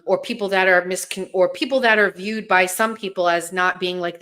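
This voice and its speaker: Female host, casual stream chat; blunt and profane, rambles, somewhat low voice. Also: fairly bright tone. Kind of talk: casual livestream talk to viewers.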